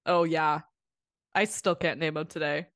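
A woman's voice: low-pitched, unhurried, dry recording. A woman co-hosting a podcast in casual chat, laughing often and teasing herself. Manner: laughs often, animated and self-mocking. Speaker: podcast co-host.

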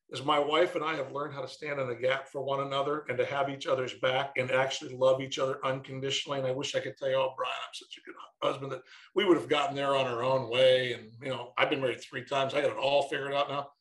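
A middle-aged man, a former baseball manager, telling stories in a casual interview and quoting his kids in lively bursts. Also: mid-range voice, reverberant, poor audio.

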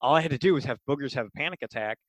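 Enthusiastic game master, mid pitch, dry close mic, chatty. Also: rapid-fire, no echo, low-quality recording. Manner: animated, enthusiastic, many fillers. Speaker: game master for kids' games. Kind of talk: casual interview storytelling.

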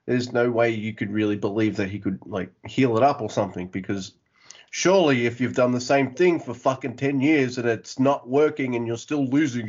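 A man's voice: mid-range voice, darkish tone, breathy edge, highs cut off. A man co-hosting a casual podcast, rambling and swearing with frequent restarts and fillers. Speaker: podcast co-host.

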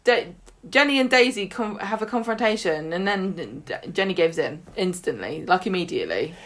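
A woman co-hosting a casual chat, recapping a soap with wry, animated commentary. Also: on the low side, moderate pace. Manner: wry, animated, acts out characters. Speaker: podcast co-host.

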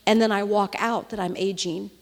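A woman's voice: mid-range voice, fairly even intonation, normal speed. A middle-aged woman preaching to a women's gathering, her voice carrying with a long reverb through a large hall. She talks conversationally and keeps checking in with her listeners. When she is moved she drops to a near-whisper. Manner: conversational, often checks in with the audience. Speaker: women's ministry speaker. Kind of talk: sermon.

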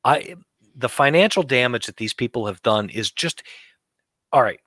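A man's voice: mid-range voice, animated, moderate pace, bright, forceful tone, no echo. A man co-hosting a talk show, ranting bluntly and heatedly about politics and money.

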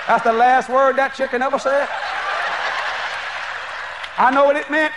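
High-voiced shouting preacher. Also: male voice, measured pace, pauses often, over a noisy crowd, heavy background noise. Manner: animated, shouting, laughing storyteller. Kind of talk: storytelling sermon.

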